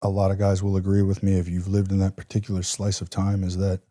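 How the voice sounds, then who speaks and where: A man in his forties recounts war stories as a podcast guest in a low, mellow voice. He is vivid and reflective, dropping casual fillers as he goes. His tone stays unhurried and thoughtful. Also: monotone. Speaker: military veteran guest. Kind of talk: podcast interview storytelling.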